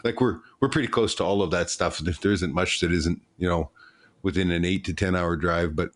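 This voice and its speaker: Male host from Canada, low-pitched, halting casual talker. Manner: halting, with many restarts. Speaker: interviewer, show host. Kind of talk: casual chat.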